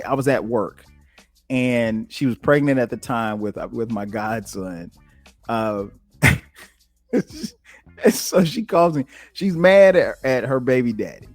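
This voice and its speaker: Animated man telling stories on a podcast. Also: no room sound. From South Carolina. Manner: animated, jumps to a high voice when quoting himself. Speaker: podcast host. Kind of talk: casual storytelling monologue.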